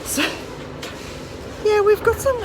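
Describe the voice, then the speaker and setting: A woman's voice: very high-pitched, slow pace, background noise. A woman in her thirties from New Zealand with a New Zealand accent, chatting casually as a vlogger while walking outdoors and filming on a phone. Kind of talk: casual chat.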